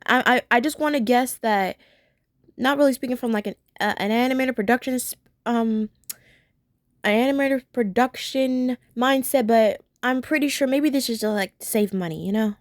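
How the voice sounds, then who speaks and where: Woman rambling thru a cartoon review, kinda high voice, keeps restarting, dry sound. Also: moderate pace, no room sound. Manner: chatty and rambling, often restarting sentences; gushing, acts out characters' lines in voices. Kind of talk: casual video review.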